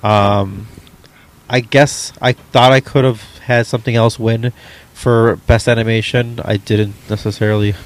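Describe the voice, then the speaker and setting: A man's voice: on the low side, little pitch movement, measured pace. A man co-hosting a casual chat, hesitant, with many ums and restarts. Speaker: podcast co-host. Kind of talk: casual chat about movies.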